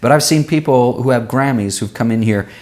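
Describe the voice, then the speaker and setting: A man working as a vocal coach, answering viewers' singing questions and demonstrating vowels and pitches with his own voice. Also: brisk, darkish tone. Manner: explanatory, uses everyday comparisons.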